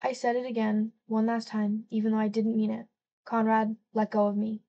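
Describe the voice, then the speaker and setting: A woman's voice: on the high side, completely flat delivery, normal speed, lo-fi sound. A woman narrating a first-person novel as an audiobook, reading expressively and lightly acting out the dialogue.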